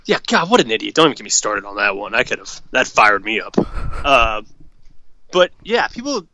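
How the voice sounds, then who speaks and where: A man's voice: on the low side, very animated, moderate pace, noisy background. A man co-hosting a casual hockey podcast, swearing freely and ranting with strong opinions. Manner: profane, fired-up hockey opinions. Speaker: podcast co-host. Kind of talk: casual sports chat.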